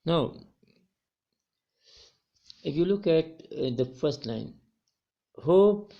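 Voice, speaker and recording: A man's voice: mid-range voice, gravelly, a little mellow, lo-fi sound. A male college English teacher giving a recorded poetry lecture to students, often repeating and correcting his words as he explains.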